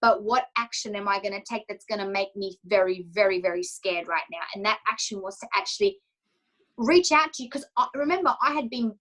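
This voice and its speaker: In an interview, a woman who coaches confidence recounts her personal journey with emotion and openness, dramatizing what she thought at the time. She speaks fairly quickly in a medium-pitched, fairly bright voice, and the recording is rough.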